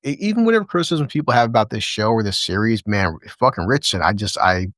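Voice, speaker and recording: A man's voice: fairly low pitch, fast talker, no echo, clean studio sound. A man casually recapping a TV episode with a co-host, swearing freely, chuckling often and acting out lines from the scenes. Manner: profane, chuckling, retells scenes in lively quoted voices. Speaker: podcast co-host.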